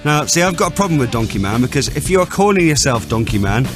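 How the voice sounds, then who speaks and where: A man's voice: mid-range voice, sing-song, fast. A man hosting a radio show, teasing and wry as he comments between clips. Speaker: radio host. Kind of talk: jokey radio presenting. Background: music bed.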